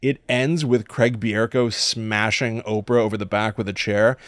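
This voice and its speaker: A man's voice: fairly low pitch, fairly even intonation, normal speed, dry recording, studio quality. A man co-hosting a podcast, chatting casually about a film he hated, sarcastic and exasperated, acting out scenes as he retells them. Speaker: podcast co-host. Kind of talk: casual movie review chat.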